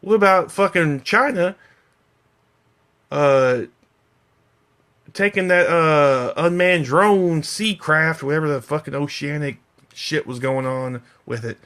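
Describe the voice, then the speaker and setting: A man's voice: on the high side, slow pace, pauses often, fairly bright tone. A slightly drunk man ranting on a live stream, heated, profane and rambling. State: a little drunk. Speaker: vlogger.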